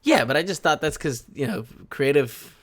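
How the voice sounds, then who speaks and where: A man's voice: on the high side, animated, normal speed, fairly bright tone. A man joking and teasing in casual chat as a co-host. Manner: teasing, chatty banter.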